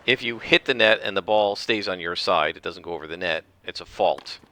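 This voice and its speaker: A man giving casual commentary over his own tennis game, explaining the rules at length and rambling with restarts and throat clearing. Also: low-pitched, brisk, pushed and bright, a little hiss or hum. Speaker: gameplay commentator. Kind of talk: casual let's-play commentary.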